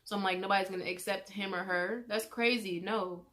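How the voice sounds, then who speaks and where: A teenage girl telling a personal story in a chatty vlog, animated as she quotes the people involved. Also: mid-range voice, brisk. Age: teens. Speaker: vlogger.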